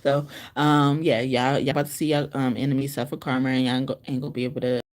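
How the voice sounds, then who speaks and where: A woman's voice: very deep voice, flat delivery, fast talker, a little mellow. A woman giving a casual livestream tarot reading from a room in a shelter into her phone, rambling, swearing and laughing often. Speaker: tarot reader.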